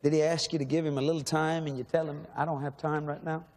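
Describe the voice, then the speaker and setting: A man's voice: fairly high pitch, flat delivery, fast, darkish tone. A man preaching a sermon in a large church, emotional and pleading, asking the same questions again and again. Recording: long echo of a large hall.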